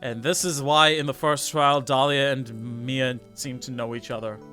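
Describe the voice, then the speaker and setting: A man's voice: medium pitch, moderate pace, faint music behind. A man streaming a courtroom game, reading out characters and joking with his co-streamer. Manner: animated, jokey, switches into character voices. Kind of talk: let's play commentary with character readings.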